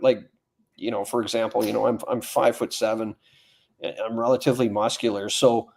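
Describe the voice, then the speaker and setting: Gravelly, husky man telling shop stories. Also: fairly low pitch, a little mellow. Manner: anecdotal, plain-spoken, quick asides. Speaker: firearms instructor guest. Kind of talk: casual podcast conversation.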